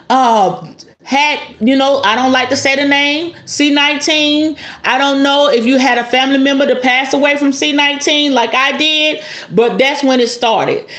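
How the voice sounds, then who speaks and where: Woman tarot reader, high-ish voice, casual and animated, preaching tone, echoey room. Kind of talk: spiritual tarot reading.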